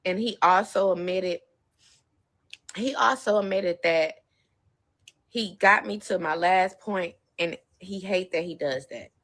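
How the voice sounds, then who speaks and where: A woman's voice: on the low side, takes it slowly, pauses often, fairly bright tone. A woman talking on her livestream, tearful, rambling and defensive. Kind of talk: emotional live stream talk.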